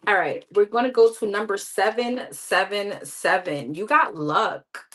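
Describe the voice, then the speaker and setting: A woman's voice: mid-range voice, a little slow, hardly any pauses, rough recording. A woman giving live tarot readings in a candid, chatty way, talking straight to her viewers. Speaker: tarot reader.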